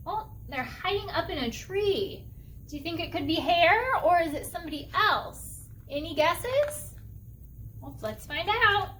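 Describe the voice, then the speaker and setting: A woman librarian leading a preschool storytime, gently asking the children questions. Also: extremely high pitch, expressive, a little slow, slight background noise. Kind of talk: preschool storytime read-aloud.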